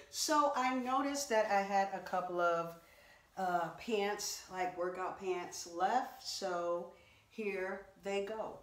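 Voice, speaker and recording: In a clothing try-on haul video filmed in a room at home, a female vlogger chats, exclaims and speaks straight to her viewers. Her medium-pitched voice is slow and recorded from a distance, with a roomy echo.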